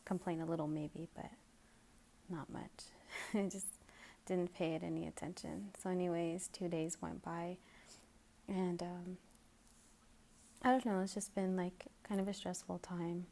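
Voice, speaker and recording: Young woman, casual vlog storytelling, hesitant, a little out of breath, mellow dark tone, low pitch. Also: flat delivery, measured pace, gravelly, long pauses. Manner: hesitant, many ums and restarts, drifting into soft whispers. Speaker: vlogger.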